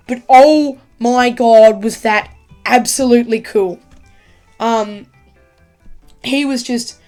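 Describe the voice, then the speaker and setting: Excitable woman reviewing a show. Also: on the high side. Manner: excitable, rambling, many fillers. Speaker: YouTube TV reviewer. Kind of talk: casual video review.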